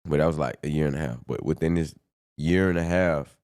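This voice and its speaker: Man, very low voice, dry close sound, earnest, slangy, testimony. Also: fairly quick, darkish tone, clean tone, dry recording. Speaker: podcast guest giving testimony. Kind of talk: casual conversation.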